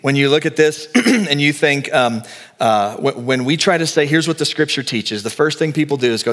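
Male pastor, lively storyteller, slightly high voice, echoing sanctuary. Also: moderate pace. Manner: animated storytelling, acting out quoted voices. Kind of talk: sermon.

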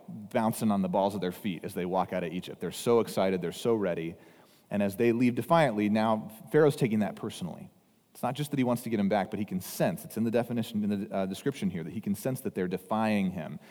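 A man's voice: lowish voice, warm tone. A man preaching a sermon as pastor, talking casually and briefly acting out panicked voices from the story. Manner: conversational, acts out voices of the crowd. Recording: long hall reverb.

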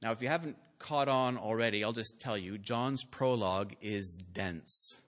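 A man preaching a sermon from a church pulpit, earnest and deliberate, building to emphatic, rising peaks and scattering the odd "uh". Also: on the low side, a bit bright. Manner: slow, deliberate delivery with filler "uh"s. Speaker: pastor.

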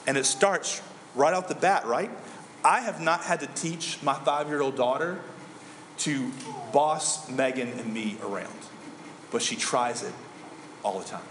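A man's voice: medium pitch, a little slow, fairly bright tone, slight background noise. A man in his thirties preaching a sermon as a pastor, conversational, often asking the audience questions. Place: church hall. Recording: echoey church hall.

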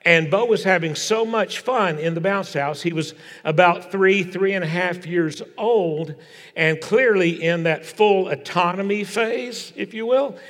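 An older man preaching a sermon in a large church. He tells family stories in a folksy way and drops to a hush for emphasis. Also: sits high, measured pace. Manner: folksy storytelling, dropping to a hushed tone for emphasis. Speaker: pastor. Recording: long reverb of a large hall.

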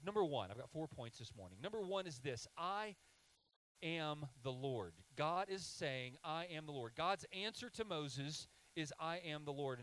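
Emphatic male preacher, mid-pitched. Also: fairly bright tone, rough recording. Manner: emphatic, slows down to stress key phrases. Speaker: pastor. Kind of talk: sermon with scripture reading.

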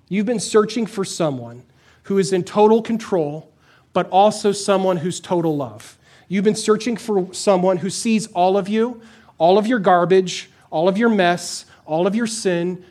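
In a church, a male pastor with a high voice delivers an emphatic, conversational sermon, putting questions to the congregation.

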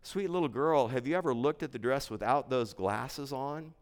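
A man voicing a gentle, gracious royal herald who speaks kindly in a sermon story. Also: mid-range voice, moderate pace, in a large hall, close to an everyday voice.

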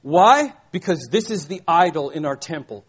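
A man's voice: fairly high pitch, animated, normal speed, husky. An older man preaching a sermon, emphatic, repeating key phrases and asking rhetorical questions. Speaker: pastor.

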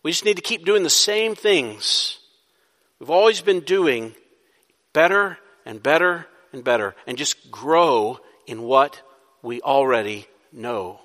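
A man's voice: mid-range voice, animated, slow, a bit bright. A man, a pastor, preaching a sermon, asking rhetorical questions and building to emphatic bursts. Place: church sanctuary. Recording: long hall reverb.

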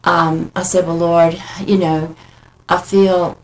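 A middle-aged woman, a guest, telling her personal faith story in an earnest, halting, heartfelt way. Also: fairly low pitch, level tone, rough recording.

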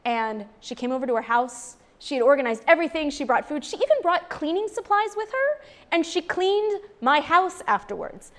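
A woman's voice: high-pitched, lively intonation, normal speed, a bit bright. A woman in her thirties, a street outreach worker, giving an earnest, emphatic faith talk to a live audience and repeating phrases for stress.

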